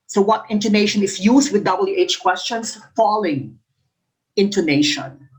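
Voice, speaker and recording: A woman's voice: mid-range voice, a little slow, poor audio. A woman teaching an exam review, reading out each question and its options before explaining the answer. She repeats key answers for emphasis. When she models example sentences, her intonation becomes exaggerated.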